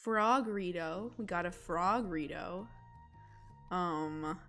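A woman's voice: lowish voice, takes it slowly, a bit bright, faint music behind. A young woman chatting casually with her chat while she draws, giggling often and rambling about food. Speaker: illustrator streaming live drawing.

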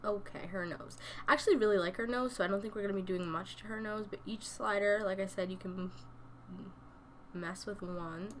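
A woman's voice: medium pitch, fairly even intonation, a little fast, a little hiss or hum. Chatty young woman thinking aloud. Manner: chatty, thinking aloud, often dropping to a murmur. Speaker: gaming YouTuber. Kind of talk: casual gameplay commentary.

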